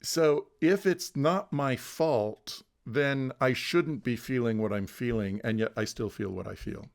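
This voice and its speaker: A man's voice: medium pitch, unhurried, creaky. A man facilitating an online mindfulness class, talking through ideas in a thoughtful, casual way that often restarts words and laughs easily. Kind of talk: casual teaching chat. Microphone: online video call.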